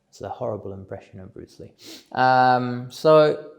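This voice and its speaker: Man, reflective monologue at home; slow, thoughtful, voice with a bit of fry. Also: mid-range voice, lo-fi sound. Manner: measured, musing, thinks aloud. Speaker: speaker on self-development. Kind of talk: reflective solo talk.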